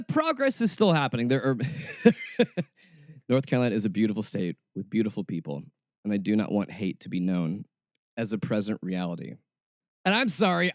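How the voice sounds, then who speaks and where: A man's voice: lowish voice, darkish tone, dry recording, clean studio sound. A middle-aged man from Atlanta hosting a radio show, talking casually and sarcastically, laughing often and going off on rants. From Atlanta, US South. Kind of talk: casual solo radio monologue.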